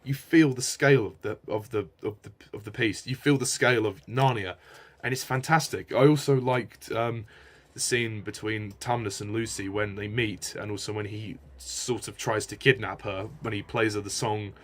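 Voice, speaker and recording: Rambling, keen man with a lowish voice. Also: steady tone, moderate pace. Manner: enthusiastic, hesitant and rambling. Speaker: film reviewer. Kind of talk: casual spoken film review.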